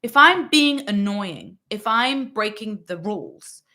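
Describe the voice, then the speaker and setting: A woman's voice: medium pitch, lively intonation, takes it slowly, pushed and bright. A woman hosting a parenting channel, answering a viewer's question in a casual, emphatic monologue that often checks in with "right?" and "okay". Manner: acts out quoted parents in little voices.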